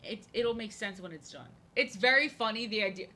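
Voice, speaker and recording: A woman's voice: mid-range voice, a little fast, bright, forceful tone. A woman streaming as she draws, chatting casually in a rambling, jokey way and repeating her phrases. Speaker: live-streaming artist. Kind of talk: casual chat while drawing on stream.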